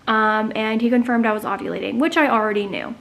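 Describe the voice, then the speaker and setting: A woman's voice: fairly high pitch, quick pace, creaky, a bit bright. A young woman in her twenties telling a personal story to camera in a casual, chatty vlog, with many fillers. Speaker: vlogger.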